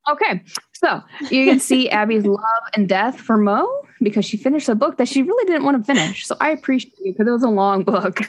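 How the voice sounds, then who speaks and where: A woman's voice: on the high side, expressive, fairly quick. A woman co-hosting a casual book review podcast, talking in a chatty, rambling way and laughing often. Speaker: podcast co-host.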